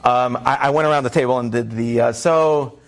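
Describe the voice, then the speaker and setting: Gravelly-voiced man telling a lively story. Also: mid-range voice, quick pace. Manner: animated, self-deprecating, jumps into quoted voices. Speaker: speaker telling a story to an audience. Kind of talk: anecdotal storytelling talk.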